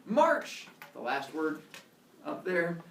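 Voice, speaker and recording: Male teacher, playful classroom storyteller, fairly high voice; distant echoey classroom, faint noise. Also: big pitch swings, slow, creaky.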